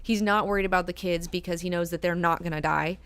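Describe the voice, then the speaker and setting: A woman's voice: lowish voice, fairly even intonation, fast, a bit bright, smooth. A woman hosting a book club discussion, talking casually with many fillers and frequent swearing. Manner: chatty, filler-heavy, swears freely.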